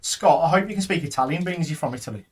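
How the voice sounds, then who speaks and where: A man's voice: a little high, lively intonation, very fast, slightly rough. A man, chatting and joking casually while streaming a game, a father teasing his daughter. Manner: jokey, teasing, rambling. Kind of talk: casual gaming stream chat.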